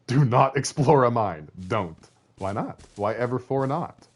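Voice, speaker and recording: A man's voice: medium pitch, lively intonation, measured pace. A man streaming a video game, rambling and joking to his viewers as he plays. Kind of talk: casual gaming commentary.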